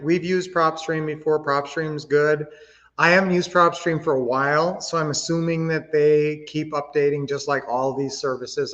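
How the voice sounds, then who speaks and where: A man's voice: a little high, fairly bright tone, dull audio. A man hosting a casual home-investing livestream from his home office, chatty and upbeat, talking straight to his viewers. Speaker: livestream host.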